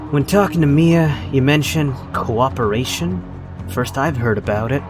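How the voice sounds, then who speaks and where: A man voicing a calm, measured, authoritative male city baron in a game read-through, with game music underneath. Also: mid-range voice, close to an everyday voice. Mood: smooth. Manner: measured and placating. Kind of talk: reading a game's dialogue aloud.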